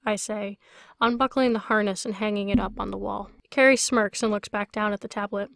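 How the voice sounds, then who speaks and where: A woman's voice: medium pitch, fairly even intonation, brisk, gravelly, no echo. Woman narrating her novel, dry sound. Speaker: author reading her book. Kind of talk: audiobook narration.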